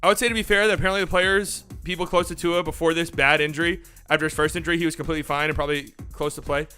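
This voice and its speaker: A man's voice: on the high side, steady tone, rapid-fire, sharp tone, faint music behind. A young man hosting a casual live sports talk show, ranting in a rambling, profane way. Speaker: sports podcast host.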